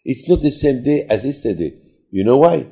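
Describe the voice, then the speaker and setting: A man giving a sermon in simple, halting speech, often repeating words and asking rhetorical questions. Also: medium pitch, very animated, gravelly, mellow.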